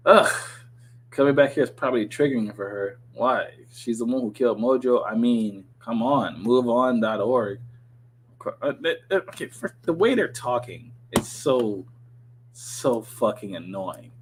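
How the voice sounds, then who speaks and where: A man's voice: medium pitch, lively intonation, measured pace, slight background noise, poor audio. A man reading a TV script aloud on his podcast, breaking off into profane, sarcastic commentary.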